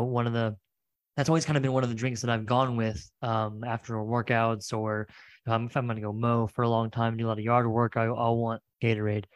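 A man's voice: mid-range voice, no room sound. Laid-back male podcast host, dry sound. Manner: rambling, self-correcting, laid-back. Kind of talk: casual chat.

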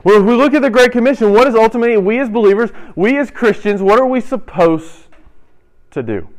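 Young male youth pastor, lightly raised pitch, joking interactive sermon style. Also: lively intonation. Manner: playful, quizzes the audience, quick asides. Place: church hall with audience.

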